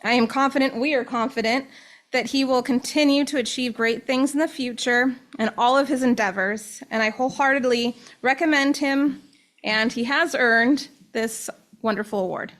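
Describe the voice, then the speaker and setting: A woman with a slightly high voice reads a prepared award citation at a meeting. Her delivery is formal and measured, moving through the list of praise evenly. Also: fairly bright tone. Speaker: presenter reading an award recommendation. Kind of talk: reading a prepared statement aloud.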